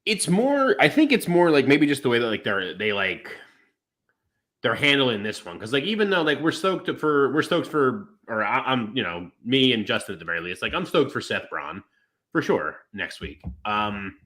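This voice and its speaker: A man co-hosting a podcast in casual chat, rambling with restarts and acting out quotes in animated voices. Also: mid-range voice, normal speed. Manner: rambling with many restarts and fillers. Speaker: podcast co-host.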